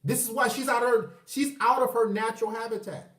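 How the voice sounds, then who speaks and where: High-voiced man ranting profanely, echoey room. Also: steady tone, fairly quick, a bit bright. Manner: profane, emphatic, combative. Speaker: vlogger. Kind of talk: ranting livestream monologue. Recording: echoey room, far from mic.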